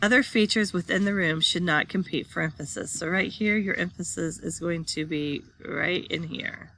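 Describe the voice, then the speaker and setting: A woman's voice: lowish voice, moderate pace, gravelly, fairly bright tone, a little hiss or hum. A woman teaching a class, reading slide text aloud and then explaining it while pointing at pictures.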